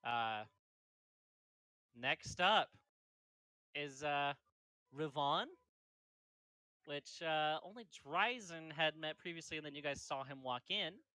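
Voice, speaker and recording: Man running a tabletop game, loose rambly narration, bright tone, dry close sound. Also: on the high side, takes it slowly, long pauses, no room sound, low-quality recording. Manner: casual, rambling, lots of fillers. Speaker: game master.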